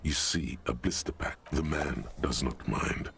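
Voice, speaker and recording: A gravelly, solemn game narrator. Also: male voice, a bass voice, unhurried, over a noisy crowd, exaggerated voice. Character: grave all-knowing male narrator of a detective game. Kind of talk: video game voice-over narration. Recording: game audio with music underneath.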